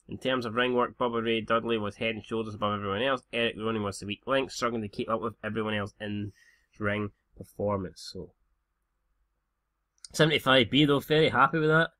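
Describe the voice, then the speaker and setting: Sweary Scottish guy with bright voice. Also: medium pitch. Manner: sweary, laid-back banter. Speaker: game commentator. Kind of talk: casual let's-play commentary.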